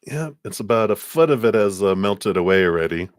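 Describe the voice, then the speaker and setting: A man giving live tarot card readings on a stream, chatty, laughing often and dropping into quiet asides. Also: lowish voice, animated, a little fast, no room sound. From Colorado. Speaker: tarot reader.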